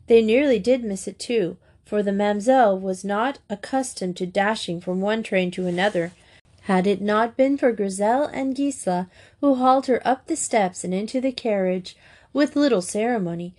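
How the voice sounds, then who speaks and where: A woman narrating a classic children's school story in a steady, clear reading voice. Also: mid-range voice, moderate pace. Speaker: audiobook reader.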